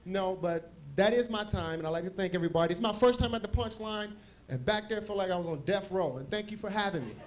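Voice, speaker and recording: A man's voice: high-pitched, fast, slight background noise. A man doing a stand-up comedy set on a club stage, telling loose, rambling stories with asides.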